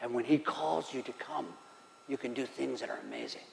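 A man's voice: mid-range voice, brisk, creaky, a little hiss or hum. A male pastor preaching a sermon, emphatic and repetitive, asking the room rhetorical questions. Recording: roomy hall reverb.

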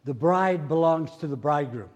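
An older man preaching a sermon as pastor, repeating phrases and swinging from hushed murmurs to loud exclamations. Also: a little high, moderate pace, in a large hall, lo-fi sound. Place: church.

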